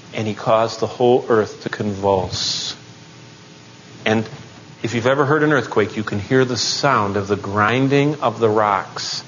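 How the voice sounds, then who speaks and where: A man teaching the Bible in a sermon style, telling the story dramatically and rising into excited outbursts. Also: medium pitch, muffled recording, slight background noise.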